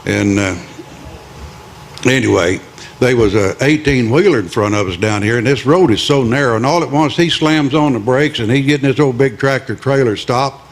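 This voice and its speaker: A man's voice: medium pitch, moderate pace, slight background noise. A man on a small club stage telling a rambling, folksy joke and teasing the audience. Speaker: club performer, singer and joke teller. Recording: live with guitar playing.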